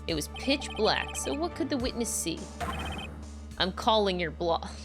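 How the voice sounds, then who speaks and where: A woman's voice: mid-range voice, very animated, a little slow. A woman reading a determined young male attorney. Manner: earnest, pressing. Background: game music.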